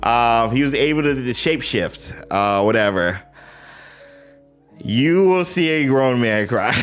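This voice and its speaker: A young man hosts a live stream and chats loosely with his viewers. He speaks slowly but his pitch swings widely as he sighs, laughs and pleads. Faint music plays underneath. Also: clear, resonant tone. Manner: animated, greets chat viewers, sighs and laughs, exasperated pleading. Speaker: livestream host. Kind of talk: casual live-stream chat.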